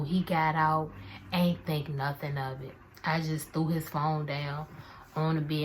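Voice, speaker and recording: A woman's voice: low voice, normal speed, slight background noise. A young woman in her twenties, chatting animatedly to viewers in a slangy storytime vlog. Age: 20s. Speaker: vlogger.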